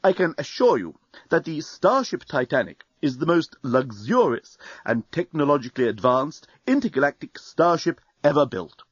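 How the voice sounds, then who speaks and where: A man voicing a courteous male robot steward who apologizes in a smooth, formal, soothing way, as in an audiobook. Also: on the high side, very animated, normal speed, dry recording. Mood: polite. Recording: dry, dull studio recording.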